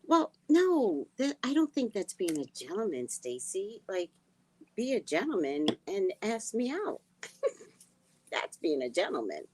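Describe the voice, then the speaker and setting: A woman host chatting casually with viewers, giggly and drifting between soft murmurs and loud outbursts. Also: medium pitch, big pitch swings, unhurried, slightly rough, no echo, poor audio. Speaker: livestream host.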